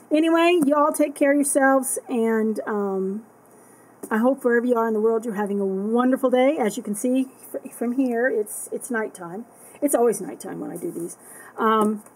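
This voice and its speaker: A woman talks to her camera at home late at night, rambling from one thought to the next with plenty of fillers and restarts. Her voice sits high and has a slightly husky edge. It comes across as a casual one-person vlog. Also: poor audio. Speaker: vlogger. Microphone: camera that tracks her.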